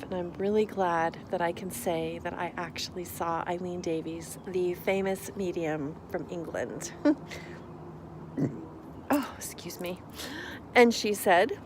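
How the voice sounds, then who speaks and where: A woman's voice: medium pitch, slight background noise. A woman talking casually to camera in a vlog, chatty and rambling with frequent asides. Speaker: vlogger.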